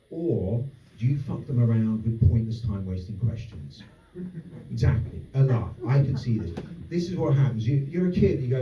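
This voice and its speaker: A man's voice: mid-range voice, expressive, brisk. Man, stand-up comedian, sarcastic and sweary, echoey distant sound, audience noise behind. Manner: sarcastic, sweary, rambling asides. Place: comedy venue with live audience. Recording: roomy distant dull club recording.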